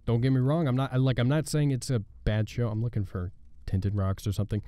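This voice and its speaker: A man hosting a gaming channel, chatting casually and rambling with halting, sarcastic asides over gameplay. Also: mid-range voice, steady tone, mellow.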